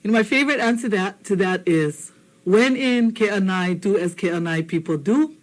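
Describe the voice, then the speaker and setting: Chatty teacher woman. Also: medium pitch. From Hawaii. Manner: chatty, joking, repeats phrases slowly for learners. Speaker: Hawaiian language teacher. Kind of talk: casual recorded lesson.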